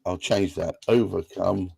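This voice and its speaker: A man's voice: low voice, fairly even intonation, a little slow, creaky, a little mellow, breathy edge, low-quality recording. A man hosting a casual podcast chat, playful and given to jokey tangents. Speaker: podcast host.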